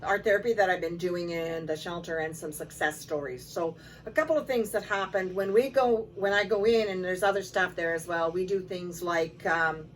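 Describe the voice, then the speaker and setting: A woman's voice: fairly low pitch, moderate pace, hardly any pauses. Woman speaking from a distance. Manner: conversational, relaxed, with fillers and quoted dialogue. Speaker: shelter executive director. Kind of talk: casual storytelling to camera. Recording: distant mic with faint background noise.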